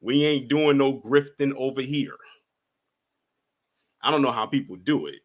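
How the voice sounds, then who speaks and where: A man's voice: medium pitch, a little slow. A man hosting a casual live stream, calling up callers one by one and chatting in a laid-back way. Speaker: livestream host.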